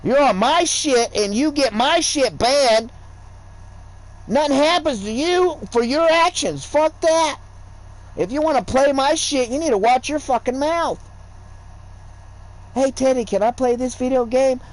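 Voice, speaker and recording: A man rambles through a casual gaming livestream, lecturing and swearing freely as he goes. His speaking voice sits high for a man. The delivery is loose and conversational. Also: animated, unhurried, rough recording. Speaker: gaming streamer.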